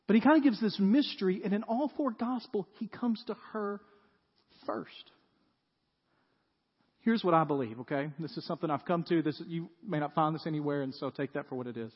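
A man's voice: on the high side, lively intonation, brisk, breathy edge. A male pastor giving a conversational sermon, often asking the audience rhetorical questions. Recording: dull sound with long hall reverb.

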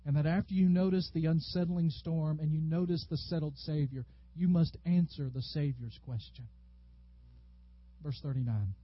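High-voiced man preaching a sermon. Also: moderate pace, dry recording, highs cut off. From Tennessee, USA. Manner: animated, storytelling preacher who acts out quotes loudly. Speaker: pastor.

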